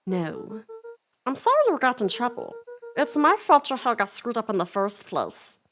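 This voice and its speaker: A sulky, sarcastic teenage girl, voiced by a woman streamer. She drawls her complaints with a higher, lighter voice, and faint game music plays underneath. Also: big pitch swings, moderate pace, a bit bright.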